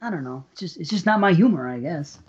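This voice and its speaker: A man's voice: fairly high pitch, animated, fast talker, husky, lo-fi sound. A man from Buffalo hosting a podcast, talking bluntly with plenty of swearing in casual chat. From Buffalo, New York. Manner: blunt, profane, opinionated. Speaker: podcast host.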